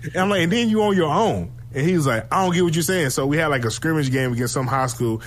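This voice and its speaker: A man chatting casually about football, animated and profane, telling stories and laughing often. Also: a little high, fast, slight background noise. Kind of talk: casual sports chat.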